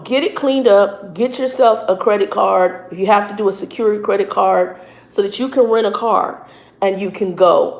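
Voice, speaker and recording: Earnest woman in an echoey room. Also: medium pitch. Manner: earnest, halting, repeats words. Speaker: truck driver and minister. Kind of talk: casual advice vlog.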